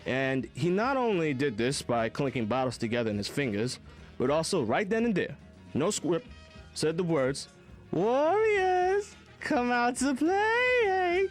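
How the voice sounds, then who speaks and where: A man's voice: medium pitch, sing-song, normal speed, soft background music. A man co-hosting a college radio film show in the studio, chatting and presenting a countdown. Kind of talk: casual chat and read-out countdown.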